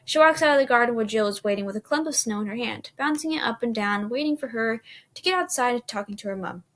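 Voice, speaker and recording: A woman reading a horror story aloud in an unhurried way, with small restarts. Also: on the high side, expressive.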